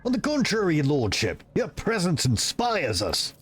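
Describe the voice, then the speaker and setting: A man's voice: fairly high pitch, wildly swooping pitch, moderate pace, husky, pitched above the performer's own voice, exaggerated voice. A man voicing an admiring young female officer who speaks with breathless, fan-like reverence to her lord. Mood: awed.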